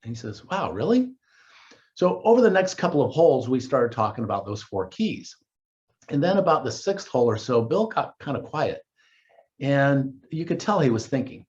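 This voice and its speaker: A man coaching on dating speaks straight to his viewers in a lively voice that rises and falls as he tells a story. He acts out the dialogue in conversation and sometimes repeats a word. The recording sounds a little dull and lo-fi. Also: mid-range voice, normal speed. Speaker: dating coach and company founder.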